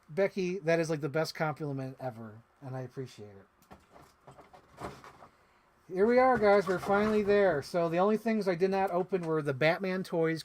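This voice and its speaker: A man's voice: a little high, slight background noise. Chatty man unboxing toys on stream. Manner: rambling, excitable, heavy use of "like". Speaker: toy collector streamer. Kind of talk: casual live stream chat while unboxing.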